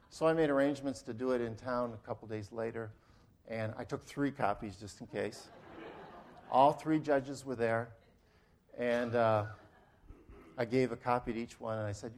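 A middle-aged man giving a sermon, telling a story in an earnest way and leading a quiet prayer. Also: medium pitch, fairly even intonation, moderate pace, a little hiss or hum. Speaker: preacher.

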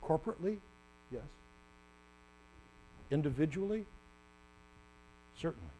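A man preaching a sermon, animated and acting out the story with sudden loud bursts. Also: a little high, measured pace, a little hiss or hum.

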